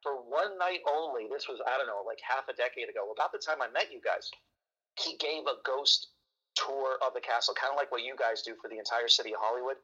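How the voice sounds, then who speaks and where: A man, a magician, telling a story in a casual chat, animated and joking, in a dull lo-fi recording. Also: medium pitch, a little fast, breathy edge.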